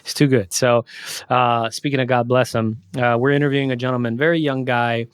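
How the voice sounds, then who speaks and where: A middle-aged man hosts a casual podcast chat and tells lively stories, acting out the voices of others. His voice sits at an ordinary pitch. The recording is close and dry. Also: brisk, clean tone, no echo. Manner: storytelling, animated impressions of others. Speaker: podcast host. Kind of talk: casual conversation.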